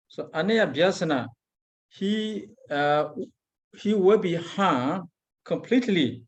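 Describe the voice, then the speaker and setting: Burmese monk lecturer, male, slightly high-pitched, halting non-native English, recites Pali then explains. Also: a little mellow. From Myanmar. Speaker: Buddhist monk teacher. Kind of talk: Abhidhamma lecture.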